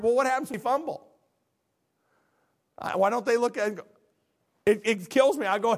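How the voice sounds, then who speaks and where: A middle-aged man preaching a sermon as pastor, animated, acting out dialogues and swinging from quiet low lines to near shouts. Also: brisk, long pauses.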